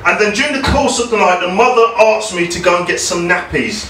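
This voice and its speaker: A young man from England with a South London accent doing a hesitant, deadpan stand-up set, full of ums, and talking back to hecklers. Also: high-pitched, fairly quick, a little hiss or hum. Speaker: stand-up comedian. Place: comedy club. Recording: echoey club from far off. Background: crowd laughter.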